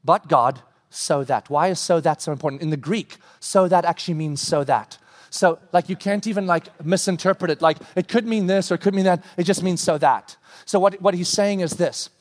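A man preaching a sermon with animated delivery, acting out dialogue and rising to shouts at his peaks. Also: high-pitched, a little fast. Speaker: pastor. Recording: long hall reverb.

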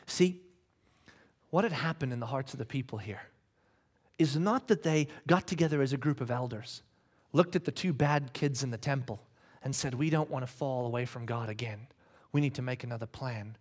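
A man preaching a sermon, reading scripture and shouting acted-out quotes with animated energy. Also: on the high side. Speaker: pastor.

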